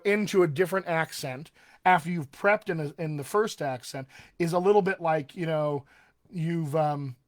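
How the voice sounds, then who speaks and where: Chatty male dialect coach, higher voice. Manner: chatty, many fillers and restarts. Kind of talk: solo live-stream talk to actors.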